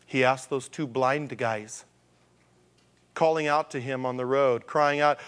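A man's voice: fairly high pitch, expressive, normal speed, fairly bright tone. A male pastor preaching a conversational sermon, asking rhetorical questions and acting out the voices of the people he quotes.

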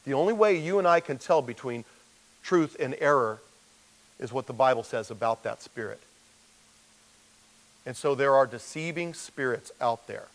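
A man's voice: medium pitch, normal speed, pauses often, rough recording. A man as pastor, teaching a verse-by-verse sermon in a conversational way and acting out the voices he quotes.

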